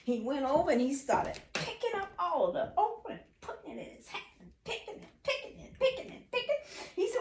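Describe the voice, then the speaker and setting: A woman telling an oral folk tale in an animated, singsong way, repeating phrases rhythmically. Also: extremely high pitch, a little fast, slight background noise. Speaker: storyteller. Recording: echoey room, distant mic.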